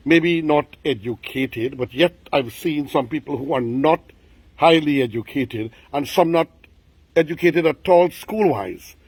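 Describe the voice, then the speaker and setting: Husky Guyanese man hosting a commentary. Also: medium pitch, no echo, rough recording. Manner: preachy, addresses listeners directly; hesitant with frequent fillers. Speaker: host. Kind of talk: casual commentary to camera.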